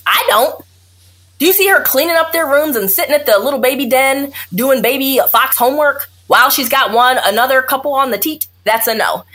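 A woman's voice: high voice, fairly quick. A woman OB-GYN talking candidly in an interview, blunt and sarcastic, often acting out what patients say. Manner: blunt, animated, sarcastic, acts out quotes. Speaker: OBGYN doctor, guest.

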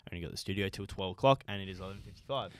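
A man's voice: deep voice, racing. A young Australian man co-hosting a podcast, chatting casually and swearing freely. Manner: laid-back, swears freely, laughs often. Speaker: podcast co-host. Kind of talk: casual chat. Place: podcast studio. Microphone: studio mic.

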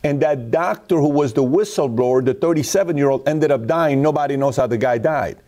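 Man, mellow tone, forceful opinionated talk-show delivery. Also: on the high side, brisk. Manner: emphatic, storytelling with acted quotes.

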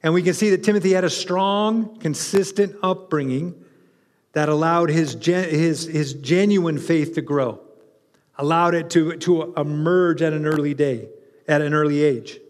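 Brief: pastor, man, high voice, lively conversational preaching, long reverb of a church hall. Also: unhurried. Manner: animated, conversational, with restarts and asides to the congregation. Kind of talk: sermon.

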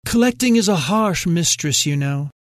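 A man's voice: sits high, lively intonation, moderate pace, no room sound, studio quality. A man voicing an old British collector, slightly slurred, formal and pleading, in a story reading. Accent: British upper-class.

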